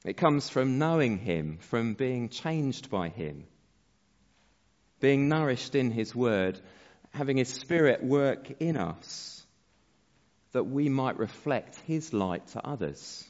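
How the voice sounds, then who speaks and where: A man preaching a sermon as pastor, slow and measured, letting his phrase endings fall soft. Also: mid-range voice, big pitch swings. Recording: dull sound with long hall reverb.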